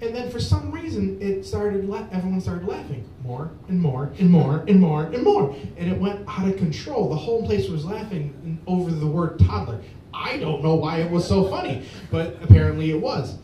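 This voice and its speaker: A man tells a rambling stand-up story at an open mic, stopping often on fillers and restarts. His voice sits a little high and sounds mellow. He is heard from across an echoey bar, with a faint rumble behind him. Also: lively intonation, moderate pace, far from the mic, lo-fi sound. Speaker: stand-up comedian.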